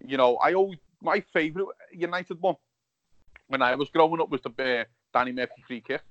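A man in his thirties with a Liverpool accent, telling animated, sweary stories in casual chat. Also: fairly high pitch, brisk, no room sound, dull audio. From Liverpool, England.

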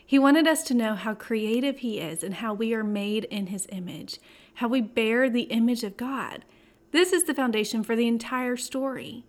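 A fairly high-pitched, expressive woman hosts a Bible teaching podcast, delivering scripted devotional teaching. She is warm and conversational, adding playful asides and slowing down for dramatic emphasis.

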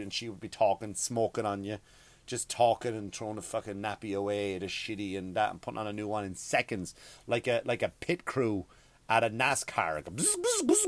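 A man's voice: on the low side, a bit bright, no room sound. A middle-aged man from Ireland with an Irish accent, hosting a comedic rant podcast in a crude, rambling, profane way. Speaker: podcast host.

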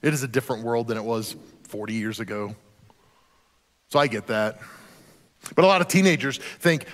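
A man's voice: medium pitch, moderate pace, long pauses, a bit bright. A man preaching a sermon as a pastor, conversational and joking, sometimes acting out quoted voices. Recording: long hall reverb.

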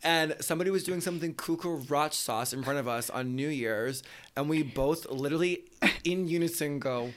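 A man co-hosting a podcast in casual, animated chat, gossipy and swearing freely. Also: fairly high pitch, a little fast. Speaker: podcast co-host.

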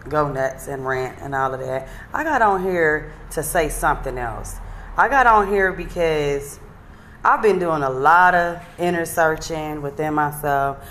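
A woman's voice: low voice, a bit bright, a little hiss or hum. A woman giving an earnest, emotional confessional monologue to camera, speaking bluntly and sometimes swearing. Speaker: vlogger.

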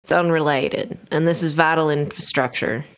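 A player voicing a calm, mysterious stranger who speaks through a phone speaker, matter-of-fact and cutting. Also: mid-range voice, normal speed, smooth, natural voice.

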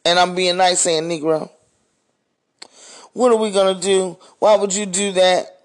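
A man's voice: sits high, fairly even intonation, unhurried. A man hosting a podcast, speaking in a blunt, profane, heated monologue rant. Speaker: podcast host. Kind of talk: ranting monologue.

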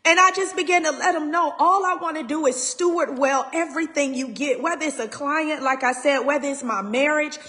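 A woman's voice: high-pitched, brisk, few pauses, sharp tone, long reverb tail. A woman, hosting a faith talk, speaking in a raw way and close to tears. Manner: raw, tearful, holding back crying. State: near tears. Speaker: podcast host. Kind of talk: emotional faith talk to listeners.

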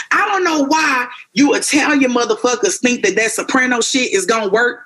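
A mid-pitched voice launches into heated, profane rants, jumping into acted-out quotes. It is a casual comedic podcast chat, loose and animated. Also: fairly quick, hardly any pauses. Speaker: podcast co-host.

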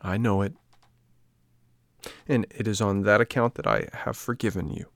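A man's voice: on the low side, moderate pace, gravelly, no room sound. A man voicing a kind but stern motherly fairy, speaking in a solemn, admonishing way in a storybook reading. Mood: tender.

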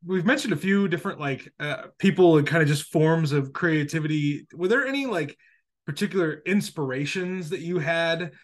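A man's voice: on the high side, moderate pace. A man hosting a casual interview, asking chatty, eager questions. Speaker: podcast host.

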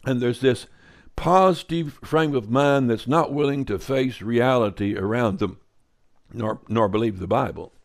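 A man giving a sermon at a mid-range pitch. He reads scripture aloud and then breaks into relaxed, wry asides. His delivery stays conversational rather than preachy. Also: unhurried, creaky. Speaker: Bible teacher.

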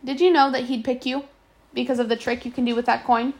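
A woman voicing a calm, probing grown male servant, speaking softly and measuring her questions. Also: a little high, fast talker, close to an everyday voice. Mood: questioning.

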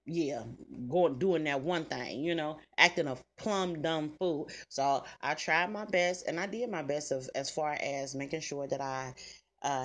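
A middle-aged woman, telling stories to her listeners in a blunt, salty way with plenty of cussing. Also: low-pitched. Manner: blunt, salty, cusses freely, talks straight to listeners. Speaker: podcast host. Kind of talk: casual storytelling chat.

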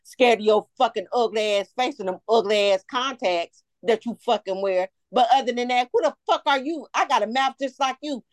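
A woman's voice: on the high side, no echo. A woman ranting in heated, profane casual chat on a podcast.

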